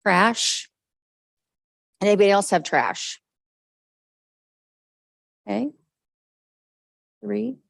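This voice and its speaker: Gravelly-voiced woman leading a meeting. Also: medium pitch, animated, no echo, rough recording. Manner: brisk, encouraging, with frequent okays. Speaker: meeting facilitator. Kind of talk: leading a group discussion. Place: government meeting room.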